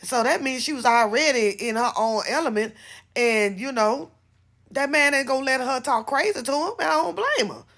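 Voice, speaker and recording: A woman's voice: high-pitched, expressive, normal speed, fairly bright tone. A woman giving casual, blunt and opinionated commentary on a skit, rambling and restarting as she talks. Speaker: vlogger reacting to a skit.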